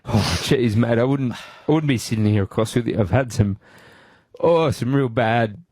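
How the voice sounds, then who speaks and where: An Australian man on a radio studio microphone, his voice breaking into halting restarts as he struggles through an emotional tribute. The sound is close and dry, with no room around it, and his pitch sits in a middle range. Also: a little mellow, dry recording. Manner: halting, tearful, full of restarts. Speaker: radio host.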